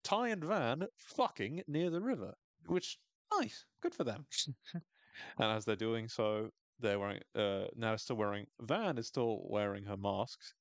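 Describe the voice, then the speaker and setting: A male podcast host chats through a TV episode recap with a lively, swinging pitch, swearing freely and laughing along the way. His voice sits at a middle pitch, recorded close and dry. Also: a little slow, no echo. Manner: animated, sweary, laughs often.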